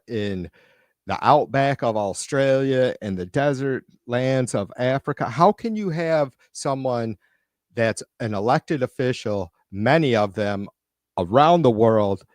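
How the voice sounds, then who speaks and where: A man's voice: medium pitch, lively intonation, slow pace, dry recording, clean studio sound. A man hosting a live stream, reading viewer comments aloud and ranting with frequent profanity and irritation. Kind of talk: casual live-stream rant. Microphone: computer mic on a live stream.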